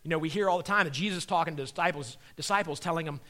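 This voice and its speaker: A middle-aged man, a comedian and magician, giving a comedic Christian talk and telling stories with animated energy. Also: fairly high pitch, very fast, hardly any pauses. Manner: animated storyteller acting out voices.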